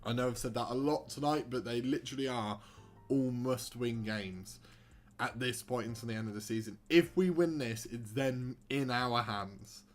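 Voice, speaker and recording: A man's voice: mid-range voice, normal speed, soft background music. A young man streaming a football manager game, commentating live with sarcastic, exasperated rants.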